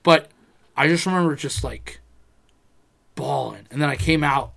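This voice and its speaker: Young man, slightly high voice, animated profane storyteller, casual podcast chat. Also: measured pace, vocal fry.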